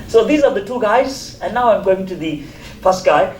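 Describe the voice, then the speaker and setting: A male evangelist preaches with animated storytelling. His voice sits slightly high for a man. The sermon echoes through a church hall. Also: normal speed, slight background noise.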